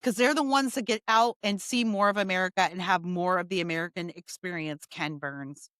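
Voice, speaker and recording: A woman's voice: fairly low pitch, a little fast, a bit bright, smooth, no echo. A woman hosting a political opinion monologue, talking emphatically and sarcastically and hammering points by repeating them. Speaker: political commentator host.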